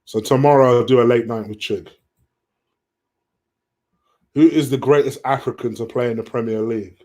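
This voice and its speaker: A man hosts a relaxed live stream and answers viewer questions as he goes. He talks in a loose, chatty way at a middle pitch. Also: moderate pace. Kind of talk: casual live stream chat.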